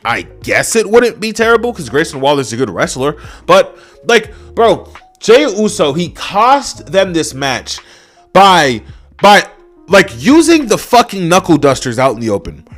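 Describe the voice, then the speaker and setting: A man's voice: sits high, fairly bright tone. Exasperated young man ranting. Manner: exasperated, profane, full of fillers. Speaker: wrestling reviewer. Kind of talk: unscripted rant.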